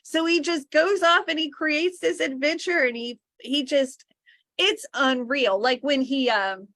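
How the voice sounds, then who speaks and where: A woman's voice: high voice, measured pace, fairly bright tone, no room sound, clean studio sound. A woman co-hosting a podcast in casual chat, loose and jokey, laughing often. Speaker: podcast co-host.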